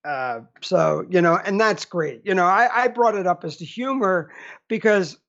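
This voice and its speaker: A man hosting a podcast, talking casually and haltingly, often repeating his words. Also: sits high, a bit bright. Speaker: podcast host. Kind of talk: casual interview chat. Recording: dull lo-fi audio.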